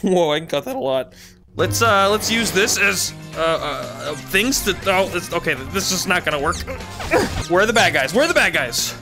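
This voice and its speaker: An excitable young man narrating his own virtual reality gameplay, yelling and laughing as he goes. His pitch leaps all over the place. Music plays clearly underneath his voice. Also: normal speed. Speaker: gaming YouTuber. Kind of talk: VR gameplay commentary.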